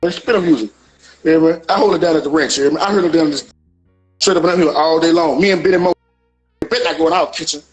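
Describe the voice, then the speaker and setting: A man's voice: fairly high pitch, quick pace, soft background music, poor audio. A man in casual, rambling banter, repeating himself often. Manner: rambling, repeats "you hear me".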